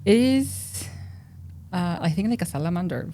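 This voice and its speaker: Talkative Mexican woman with a low voice. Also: normal speed, slight background noise. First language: Spanish. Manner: talkative and expressive, laughs loudly. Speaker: guest researcher. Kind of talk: casual podcast interview.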